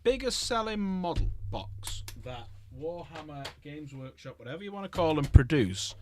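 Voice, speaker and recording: A man's voice: fairly high pitch, big pitch swings, normal speed, hardly any pauses, darkish tone, slight background noise. A middle-aged man rambling casually while he paints models on a livestream, swearing freely.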